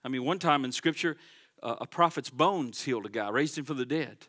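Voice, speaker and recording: A man preaching a sermon from the pulpit of his church, fervent and emphatic, dropping from loud declarations to quiet asides. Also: medium pitch, animated, fairly quick. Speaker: pastor. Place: church sanctuary.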